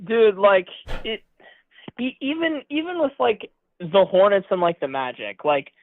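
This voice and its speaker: A man's voice: high voice, animated, measured pace. Tired young man calling in by phone. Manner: casual, rambling, filler-heavy. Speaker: caller. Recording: tinny phone line.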